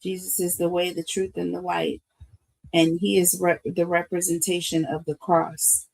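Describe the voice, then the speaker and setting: Older woman tarot reader, slow and gravelly, emotional and preachy, talks to viewers as y'all. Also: deep voice, darkish tone, rough recording. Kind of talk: live tarot reading to viewers.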